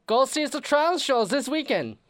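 A man's voice: very high-pitched, big pitch swings, normal speed, no echo, studio quality. A man co-hosting a comedy podcast, plugging shows in a playful, joking way. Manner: playful, promotional. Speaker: podcast co-host.

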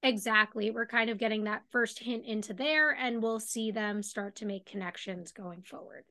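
Bright-voiced woman chatting about a show. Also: a little high, fairly even intonation, normal speed. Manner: chatty, lots of "like". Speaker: podcast co-host. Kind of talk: casual recap chat.

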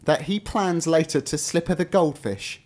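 A man's voice: fairly high pitch, normal speed, a little mellow. A British man co-hosting a podcast in casual chat, with dry, wry humour. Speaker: podcast co-host.

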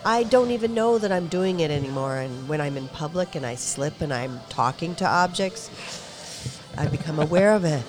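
A woman's voice: sits low, animated, moderate pace, soft background music. A middle-aged woman co-hosting a casual chat, telling stories and laughing often. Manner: laughs often, chatty storytelling.

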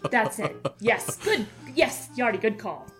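A woman's voice: on the high side, expressive, measured pace, music in the background. A woman playing a tabletop game, casual and playful. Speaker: player.

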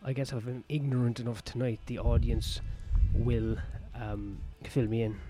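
A stand-up comedian, rambling crudely and jokingly in a casual vlog, recorded outdoors on a patio. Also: male voice, medium pitch, flat delivery, normal speed, music in the background.

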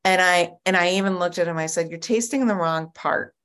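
Over a video call, a woman shares her personal testimony at a recovery group meeting. Her voice sits fairly low and she talks fairly quickly, telling her story animatedly and restarting often.

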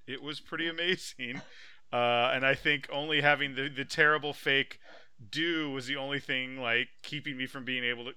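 A man co-hosting a podcast in casual chat, telling stories with laughing, shouted impressions. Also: a little high, clean tone, no echo. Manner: animated storyteller, loud laughing impressions. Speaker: podcast co-host.

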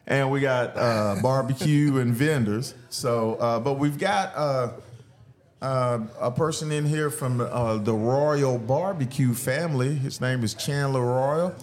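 A man's voice: mid-range voice, a little mellow. A man hosting a sports podcast at a car show, chatting casually and laughing often. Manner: laid-back, laughs often, drawn-out fillers. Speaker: podcast host.

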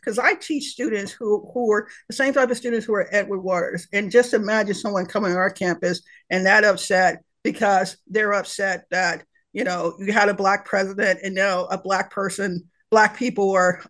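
Guest professor, fired up and emotional, middle pitch, trips over words. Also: a bit bright. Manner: impassioned, emotional, frequent restarts. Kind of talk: passionate panel discussion.

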